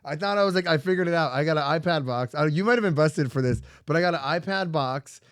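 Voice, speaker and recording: A man's voice: on the high side, quick pace, fairly bright tone, clear, resonant tone, dry recording, studio quality. A man co-hosting a podcast, telling a self-mocking story in a rambling way full of fillers. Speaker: podcast co-host. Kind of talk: casual storytelling.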